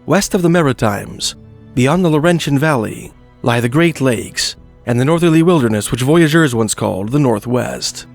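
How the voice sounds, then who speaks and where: Gravelly man narrating folklore. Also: mid-range voice, expressive. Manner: measured, reads quoted historical passages. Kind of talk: scripted documentary narration. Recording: faint background music.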